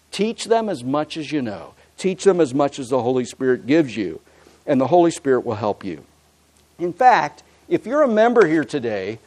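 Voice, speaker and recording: Earnest preaching man, higher voice. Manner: earnest preaching, swings from loud emphasis to quiet asides. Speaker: pastor. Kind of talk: sermon. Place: church.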